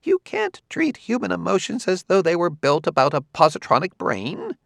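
A man voicing a nervous, fastidious older sociologist in an audiobook, speaking in a high, trembling, uneasy way. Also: huge pitch swings, creaky, a bit bright, no echo, studio quality, exaggerated voice. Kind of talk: audiobook character voice.

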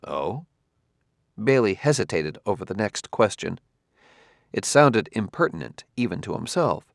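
A man narrating an audiobook in a measured, steady reading style. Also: lowish voice, creaky, no room sound, studio quality. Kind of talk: scripted narration.

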